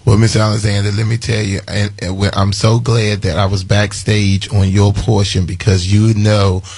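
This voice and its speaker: A man's voice: on the low side, level tone, moderate pace, a little mellow, slightly rough. A man hosting a morning radio call-in show, effusive and full of thanks, repeating names as he talks. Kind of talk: casual call-in radio chat.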